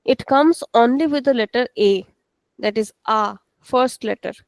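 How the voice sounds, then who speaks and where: A woman's voice: a little high, unhurried, dry recording. A woman teaching a language lesson, explaining step by step and checking in with "okay". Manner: switches into Hindi to explain.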